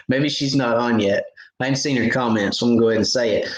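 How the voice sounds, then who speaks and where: A man's voice: medium pitch, fast talker, roomy sound, low-quality recording. A middle-aged man, hosting a fishing livestream in casual chat and reading out viewer comments. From Knoxville, Tennessee. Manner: folksy, reads viewer comments aloud.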